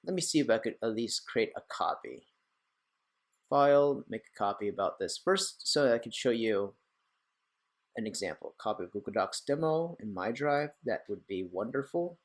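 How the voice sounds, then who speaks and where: A young man talks through a software tutorial in a loose, chatty way, wandering off into small asides and jokes about his own slip-ups. His voice sits at an ordinary middle pitch for a man. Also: expressive, moderate pace. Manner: chatty, rambling, self-deprecating asides. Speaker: tech tutorial host. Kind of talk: casual screen-recorded tutorial.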